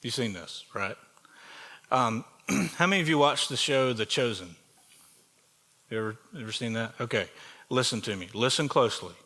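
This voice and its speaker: A pastor with a Southern US accent preaching in a church sanctuary. His voice is bright and forceful, at a middle pitch for a man. He keeps it conversational and asks the congregation questions. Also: normal speed, pauses often. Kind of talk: sermon.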